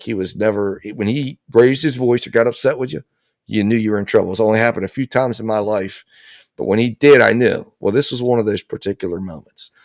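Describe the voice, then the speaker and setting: Give me a man with a gravelly voice telling a relaxed personal story. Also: on the low side, no echo. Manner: relaxed storytelling, lots of fillers. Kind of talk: casual anecdote on a live show.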